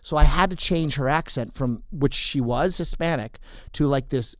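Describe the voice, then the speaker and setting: A man's voice: medium pitch, normal speed, no echo. A man, a comedian guest, telling stories in a casual chat and slipping into character voices, recorded in a podcast studio. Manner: animated storyteller, jumps into character voices.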